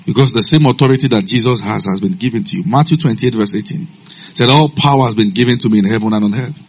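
A man preaching a sermon, telling stories in a low calm voice and breaking into loud shouted commands. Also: quick pace, a little hiss or hum.

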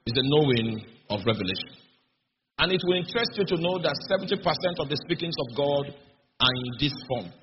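A man's voice: fairly high pitch, very animated, a little fast. Preaching man in an echoey hall. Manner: repeatedly checks in with the audience; emphatic, repeats key phrases. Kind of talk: teaching sermon. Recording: dull, noisy recording in an echoey hall.

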